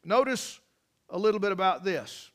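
A man preaching a sermon, folksy and emphatic, with many restarts and loud repeated cries. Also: sits high, lively intonation, moderate pace.

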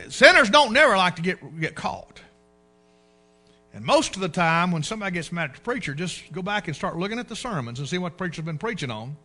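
A man preaching a sermon, folksy and animated, acting out the voices in the scripture he reads. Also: sits high. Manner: animated preaching, acts out quoted speech, folksy.

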